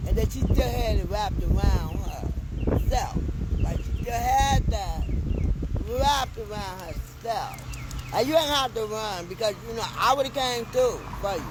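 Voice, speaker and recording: A woman talking emphatically to her viewers in a casual reaction vlog, recorded on a phone as she walks outdoors by a road. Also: mid-range voice. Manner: talkative, emphatic, addressing viewers directly. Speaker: vlogger. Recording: loud outdoor noise, passing vehicles. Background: loud traffic and outdoor noise.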